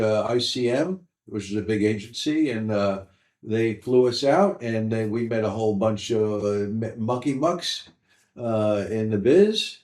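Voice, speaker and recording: A stand-up comedian in his sixties, telling animated stories from his career in an interview. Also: medium pitch. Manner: animated anecdotes, mimics voices in quotes. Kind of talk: storytelling interview. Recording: roomy echo.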